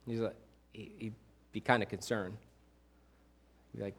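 A man preaching a sermon in a church, casual and animated, pushing up his voice for emphasis. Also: medium pitch, normal speed, long pauses. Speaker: pastor.

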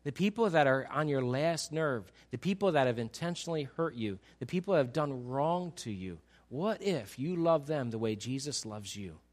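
A male pastor preaching a sermon, pleading with rhetorical questions that rise for emphasis and then drop soft. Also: medium pitch, lively intonation, moderate pace, hardly any pauses.

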